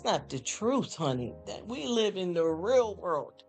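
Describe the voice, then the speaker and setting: With a high-pitched, animated voice at normal speed, a man chats on a casual stream, calling his chatters honey and y'all. He rambles from the heart, stammering and repeating himself, while faint music plays in the background.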